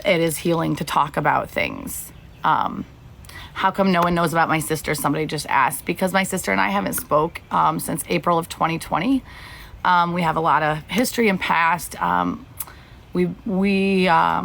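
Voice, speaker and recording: A woman's voice: on the low side, gravelly, a bit bright, slight background noise. A woman in her thirties streaming live to viewers, talking through personal matters in a rambling, heartfelt way with many fillers and restarts, a little teary. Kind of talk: emotional personal talk to viewers.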